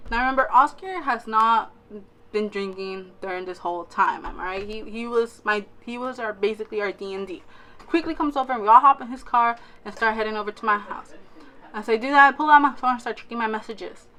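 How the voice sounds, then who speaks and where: A woman's voice: on the high side, a little fast. A young woman vlogger casually telling a storytime, acting out what she and her friends said and checking in with "all right?" as she goes. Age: young adult. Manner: animated, acts out quotes of herself and friends; fillers and restarts, frequent "all right?" asides.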